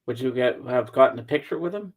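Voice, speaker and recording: Husky-voiced man asking questions. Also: mid-range voice, lively intonation, quick pace. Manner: brief reactions and follow-up questions. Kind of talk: casual chat.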